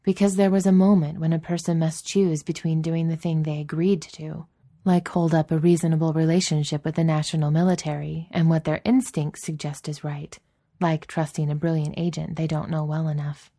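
A woman narrating a story as an audiobook reader, in a steady, even storytelling manner. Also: low-pitched, normal speed, dry recording, studio quality. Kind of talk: narrating a fan fiction story.

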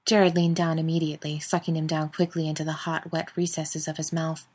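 A woman reading fan fiction aloud in an even, intimate storytelling manner. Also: sits low, brisk, breathy edge. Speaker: narrator.

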